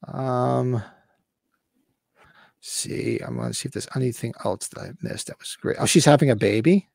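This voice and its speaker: A man in his fifties co-hosting a casual livestream podcast, excited, swearing freely and acting out movie lines. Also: medium pitch, moderate pace, creaky, no echo, studio quality. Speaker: podcast co-host.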